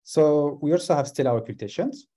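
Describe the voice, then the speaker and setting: A man's voice: fairly high pitch, a little fast, warm tone. A man with a French accent presenting a science talk over a video call, with frequent hesitations. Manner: hesitant, many uhs between phrases. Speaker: guest scientist.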